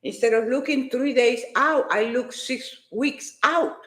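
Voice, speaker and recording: A woman and fitness competitor giving an emotional, animated personal faith testimony. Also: a little high, a little slow, echoey room.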